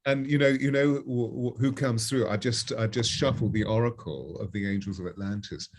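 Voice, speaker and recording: A man's voice: medium pitch, brisk, slight background noise. A man speaking as a spiritual guest on a live call-in show, effusive and flowery, calling callers darling.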